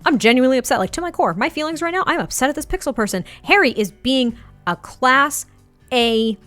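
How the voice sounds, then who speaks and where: A woman doing let's play commentary on a life-sim game, animated and dramatic in her reactions. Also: sits high, brisk, no room sound, faint music behind. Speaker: gaming YouTuber.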